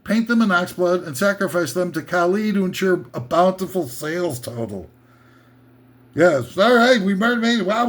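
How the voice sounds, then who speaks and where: A man's voice: high-pitched, fairly bright tone. A man hosting a comedy list show, delivering a rambling sarcastic rant full of "you know" and "uh" fillers.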